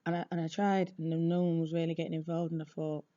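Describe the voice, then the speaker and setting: A woman football supporter tells a casual story, chatty, lively and blunt, in a low voice at a fast pace. The recording is dull and lo-fi.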